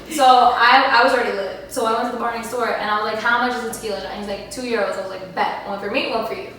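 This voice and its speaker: Woman host, bright high voice, animated storytelling, echoey room, distant mic. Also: fast talker, slight background noise. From United States. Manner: animated storyteller, acts out quotes. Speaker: podcast host. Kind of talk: casual chat.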